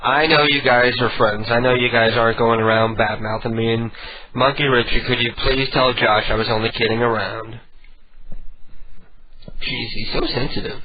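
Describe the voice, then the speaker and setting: A man's voice: medium pitch, fairly even intonation, brisk. A man hosting an internet radio show, chatting casually in a rambling, self-deprecating way. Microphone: home phone and studio mic setup. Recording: dull lo-fi internet radio audio.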